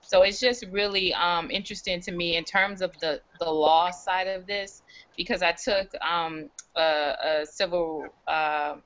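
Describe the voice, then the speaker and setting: A woman speaking as a guest on an online panel, thoughtful and measured, with frequent ums. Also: on the low side, fairly even intonation, fairly bright tone. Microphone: remote call audio. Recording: dull lo-fi call audio.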